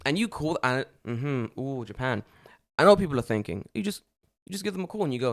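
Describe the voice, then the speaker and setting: A man in his thirties co-hosting a casual podcast. His voice sits in an ordinary middle pitch. He spins stories animatedly, acting out both sides of phone calls and swearing freely. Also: animated, quick pace, creaky. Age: 30s. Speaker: podcast co-host. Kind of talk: casual chat. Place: living in Japan.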